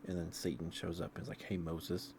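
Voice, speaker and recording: Sleepy low-voiced man rambling. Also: flat delivery, quick pace, vocal fry, darkish tone, slight background noise. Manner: meandering, loose storytelling. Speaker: streamer. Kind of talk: casual ASMR ramble.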